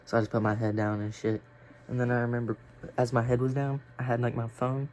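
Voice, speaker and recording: A man's voice: medium pitch, little pitch movement, brisk, darkish tone. Rambling, profane young man with faint hiss. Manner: rambling, profane, filler-heavy. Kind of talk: casual storytelling vlog.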